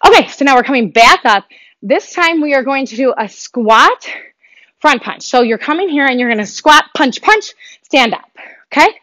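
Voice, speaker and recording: A woman's voice: high-pitched, expressive, normal speed, bright, forceful tone, dry recording, rough recording. A woman fitness instructor guiding a workout, upbeat and encouraging, a little out of breath as she exercises along. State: breathing heavily.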